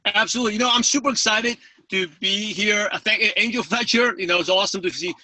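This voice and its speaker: A man from New York with a New York accent and a lisp, talking fast and eagerly as a guest speaker on a webinar call. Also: sits high, pushed and bright, no echo, far from the mic, low-quality recording. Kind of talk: webinar talk.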